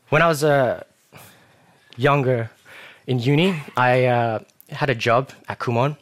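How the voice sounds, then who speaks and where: A young man preaching a casual sermon, telling self-mocking stories with animated asides. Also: mid-range voice, normal speed.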